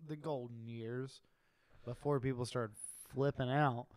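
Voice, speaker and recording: A man's voice: mid-range voice, steady tone, a little slow, darkish tone, no room sound. A man with a West Virginian accent joking crudely and chiming in during casual podcast banter. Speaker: podcast co-host.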